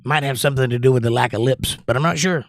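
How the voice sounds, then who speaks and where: A man's voice: mid-range voice, fast, no echo, studio quality. A man hosting a casual livestream, reading viewer comments aloud and rambling between them. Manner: chatty, rambling, reads chat aloud. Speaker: livestream host.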